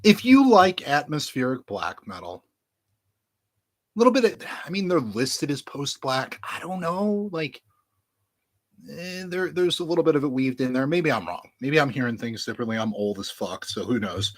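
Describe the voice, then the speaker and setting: A man's voice: mid-range voice, sing-song, normal speed. A man casually showing off his vinyl records to camera, rambling and joking crudely as he talks straight to his viewers through a webcam. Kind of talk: casual unboxing chat to camera.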